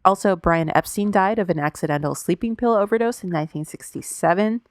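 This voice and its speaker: A woman's voice: mid-range voice, brisk, no room sound, studio quality. A woman co-hosting a podcast, telling a story in casual chat, loose and profane, with plenty of "like" fillers. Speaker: podcast co-host.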